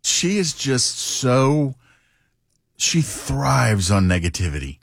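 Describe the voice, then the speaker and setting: A man's voice: mid-range voice, sing-song, slow, gravelly, no echo, clean studio sound. A man co-hosting a talk radio show with wry quips. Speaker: co-host. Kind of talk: casual banter.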